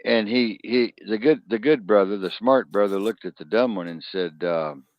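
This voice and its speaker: A man telling long rambling stories and jokes in casual chat, jumping into high voices when he quotes people. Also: moderate pace, no echo. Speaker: co-host. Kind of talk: casual storytelling and joke telling. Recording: dull lo-fi sound.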